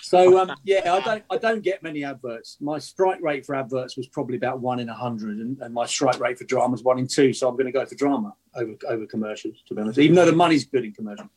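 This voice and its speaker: A man's voice: mid-range voice, fast, few pauses, a little mellow, low-quality recording. A man, an actor, telling chatty self-deprecating stories as a guest on a casual podcast.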